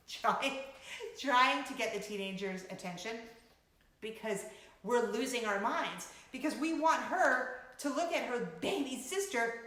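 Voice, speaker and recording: Animated woman vlogger in an echoey room. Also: high-pitched. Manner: animated, laughing, dramatic retelling. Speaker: vlogger host. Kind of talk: casual storytelling vlog.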